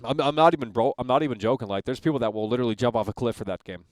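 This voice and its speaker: A man's voice: medium pitch, rapid-fire, no room sound, studio quality. A man hosting a call-in show in brash, swearing, mock-outraged banter.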